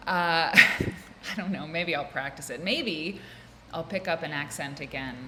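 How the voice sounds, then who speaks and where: Low-voiced chatty American woman, echoey room. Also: measured pace, pushed and bright, slight background noise. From United States. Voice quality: rambling, chatty, self-interrupting. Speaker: podcast host. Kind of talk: casual solo chat. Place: office room. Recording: roomy echo with faint ambience.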